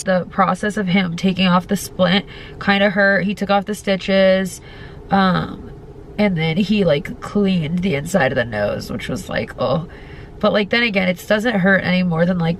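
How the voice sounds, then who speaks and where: A woman's voice: lowish voice, creaky, slight background noise. A young woman in her twenties, congested and talking strangely, chatting casually in a recovery vlog with lots of "like". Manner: chatty, lots of "like", dips into whispers. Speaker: vlogger.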